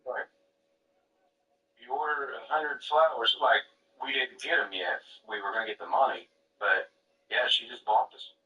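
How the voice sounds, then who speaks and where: A man's voice: mid-range voice, fairly even intonation, normal speed, pauses often, far from the mic, highs cut off. A man chatting casually in a laid-back, plainspoken way. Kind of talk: casual chat. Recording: bright, roomy sound from off-mic.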